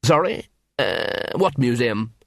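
A man's voice: medium pitch, big pitch swings, slow, gravelly, a bit bright, no room sound, clean studio sound, exaggerated voice. A man reading a story aloud, voicing a pompous, evasive male head clown who sounds flustered.

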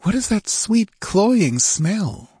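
A woman's voice: mid-range voice, sing-song, slow, warm tone, husky, dry recording, clean studio sound, pitched above the performer's own voice, exaggerated voice. A man voicing a frightened young woman who speaks in a trembling, breathless way. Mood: nervous.

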